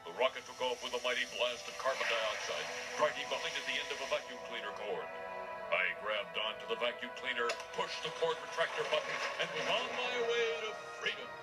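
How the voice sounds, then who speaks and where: A man's voice: mid-range voice, big pitch swings, brisk, natural voice, low-quality recording. An actor voicing a prim, fussy school principal in a cartoon, telling his tale stiffly. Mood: earnest. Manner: stiff, prim, self-important. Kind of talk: cartoon narration of a flashback. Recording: music underneath.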